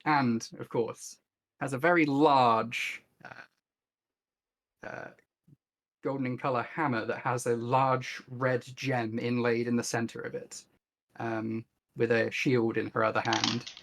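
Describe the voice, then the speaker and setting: A man player describing a character's gear at a tabletop game, halting with fillers. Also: mid-range voice, flat delivery, vocal fry, fairly bright tone.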